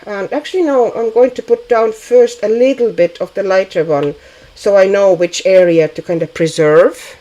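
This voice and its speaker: A woman's voice: medium pitch, normal speed, dark tone, poor audio. A woman hosting a casual livestream, chatting to viewers and thinking aloud with hesitant fillers while she paints. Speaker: livestream host.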